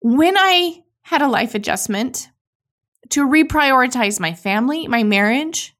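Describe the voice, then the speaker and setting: A woman in her thirties hosting a podcast, talking candidly and emotionally in a raw, halting way with frequent restarts. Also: sits high, expressive, fairly bright tone. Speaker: podcast host. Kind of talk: candid solo podcast monologue.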